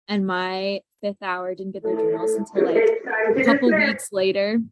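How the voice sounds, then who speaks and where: A woman's voice: mid-range voice, normal speed, low-quality recording. A young adult woman teacher talking candidly about her classroom struggles in a casual group discussion, laughing often at herself.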